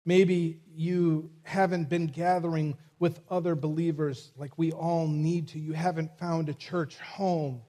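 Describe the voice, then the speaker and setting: A man preaching a sermon as a church pastor, reading scripture and speaking to his congregation in a measured way. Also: on the high side, flat delivery, mellow. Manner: preaching with rising intensity, measured pacing.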